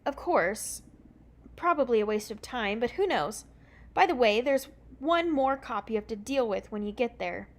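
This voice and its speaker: A woman's voice: fairly high pitch, lively intonation, normal speed. A woman reading aloud and voicing a smug, boastful boy who talks on in a chatty way.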